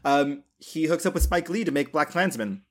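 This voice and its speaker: A man's voice: fairly high pitch, animated, moderate pace. Rambling, blunt male podcast co-host. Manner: rambling, blunt, heavy on fillers and swearing. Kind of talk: casual film podcast chat.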